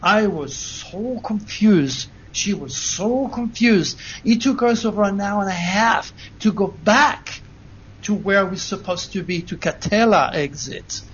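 High-voiced man telling a story, lo-fi. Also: measured pace, a little hiss or hum. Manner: earnest, animated storytelling with restarts. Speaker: interview guest. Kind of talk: first-person account told to an interviewer. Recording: dull lo-fi recording.

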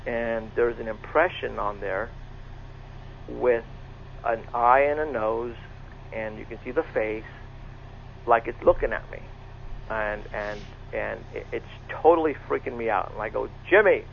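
Middle-aged man, gravelly voice, earnest storytelling, repeats himself, thin phone-line sound. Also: mid-range voice. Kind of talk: first-person storytelling. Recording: tinny phone line with faint noise.

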